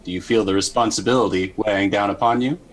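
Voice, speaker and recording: A man's voice: on the low side, fairly even intonation, fast talker, lightly acted, rough recording. A man voicing an overly polite male robot companion who talks in stiff, formal phrases.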